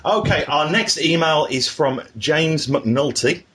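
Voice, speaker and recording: A man's voice: fairly high pitch, slow, fairly bright tone, husky. A man hosting a podcast, joking irreverently and reading out listener emails. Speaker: podcast host. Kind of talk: casual podcast chat.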